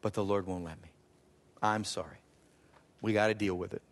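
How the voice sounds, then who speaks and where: Animated male preacher in a reverberant hall. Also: normal speed. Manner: animated preacher, voice climbing high for emphasis, laughs at himself. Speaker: pastor. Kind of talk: sermon. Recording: long reverb of a large hall.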